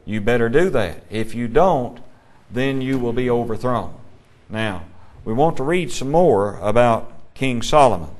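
A man's voice: medium pitch, expressive, a little slow, hardly any pauses, a little mellow. A man teaching a Bible class, asking his students questions and reading scripture aloud.

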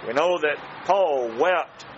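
A man preaching a sermon to his congregation, slow and emphatic, with dramatic pauses. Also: on the high side, lo-fi sound, slight background noise.

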